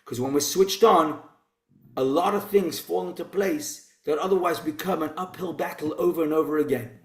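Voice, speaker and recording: A man leads an informal Torah class and talks conversationally through rhetorical questions. His voice sits a touch high, and a roomy echo hangs around it. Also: moderate pace. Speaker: rabbi teaching a Torah class.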